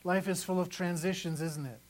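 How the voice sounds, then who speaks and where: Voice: medium pitch, fairly even intonation, a little fast, low-quality recording. Pastor, mid-range voice, chatty sermon delivery that leans on repetition. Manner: conversational, repeats phrases for emphasis.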